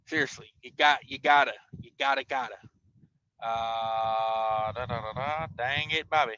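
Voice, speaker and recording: A man's voice: mid-range voice, measured pace, bright, forceful tone, dull audio, slight background noise. A man hosting a trucking livestream, reading viewer comments and rambling through stories, laughing as he goes. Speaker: trucker show host.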